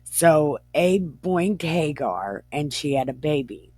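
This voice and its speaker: Woman, irreverent scripture retelling, profane, slangy, laughing, slow pace, dry close sound. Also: low voice, expressive, a little mellow, dry recording. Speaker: comedic scripture reader.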